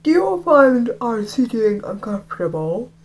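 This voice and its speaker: A stern homeroom teacher with a bossy, sharp delivery, played by a woman. His pitch swings widely in a homemade storybook reading. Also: big pitch swings, unhurried. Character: stern, fake-friendly male homeroom teacher. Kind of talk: amateur audiobook reading.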